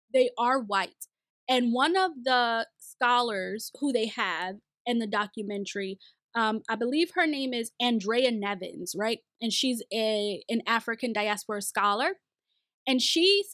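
Woman, high voice, animated casual commentary, dry room. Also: moderate pace, no echo. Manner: animated, chatty, asks "okay?". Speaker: video host reviewing a documentary.

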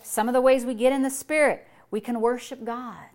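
Woman pastor, high voice, preaching a sermon, exuberant, laughs out loud, repeats short phrases. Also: steady tone, fairly quick. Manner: exuberant, bursts into long fits of laughter while preaching.

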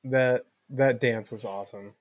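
A man's voice: mid-range voice, steady tone, measured pace. Blunt, sardonic man in casual chat. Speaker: podcast co-host.

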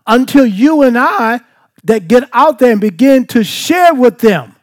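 Slow, questioning preacher man. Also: extremely high pitch, animated. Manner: asks the listeners questions and answers them. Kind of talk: bible study sermon.

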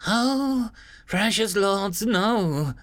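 Storybook role: a wounded alien pleading in terror, voice shrill and cracking, put on by a male narrator. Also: lively intonation, very slow, a bit bright, faint music behind, exaggerated voice. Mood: terrified. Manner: high, panicked, pleading.

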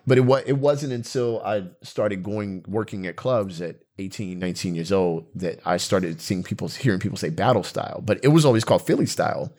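A man co-hosting a casual chat, talking in animated bursts with quick asides. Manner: animated, jumps between high and low pitch, fast asides.

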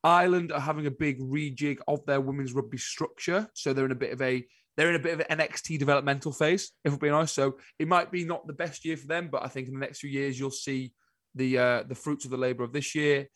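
A man co-hosting a casual chat show, telling stories in an animated, exasperated way. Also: medium pitch, fast, dry recording. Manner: animated storytelling, exasperated asides. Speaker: podcast co-host.

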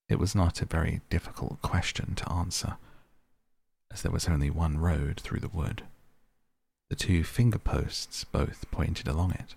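A man narrating a classic children's story in a steady storytelling read. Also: sits low, moderate pace, vocal fry, slightly rough.

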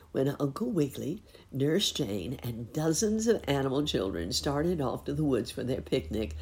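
Woman storyteller, very low, slow, lively read-aloud. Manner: gentle, expressive.

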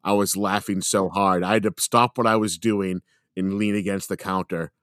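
A man's voice: low voice, steady tone, moderate pace, fairly bright tone, no echo, clean studio sound. Rambling, swearing man telling a story. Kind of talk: casual chat.

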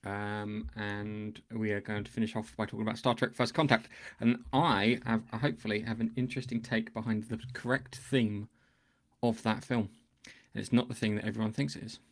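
A host running a casual podcast chat. He jokes and teases as he talks, in a mid-pitched voice. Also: little pitch movement, fairly quick. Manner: jokey, teasing.

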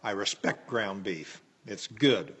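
A man's voice: lowish voice, expressive, slow pace, a bit bright, breathy edge. An older American man telling personal stories in a folksy, rambling way, with many fillers and restarts. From United States. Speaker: interview guest. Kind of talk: personal storytelling. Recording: echoey room with long reverb.

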